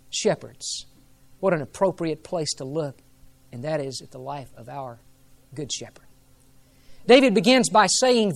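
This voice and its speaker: Earnest male pastor preaching a sermon. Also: sits high. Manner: earnest, reverent preaching with emphatic rises.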